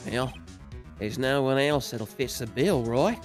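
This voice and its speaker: A man's voice: mid-range voice, unhurried, music in the background, pitched below the performer's own voice, close to an everyday voice. A man voicing a brawny, boastful male TV actor with a hammy mock-Scottish brogue on a game stream. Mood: confiding.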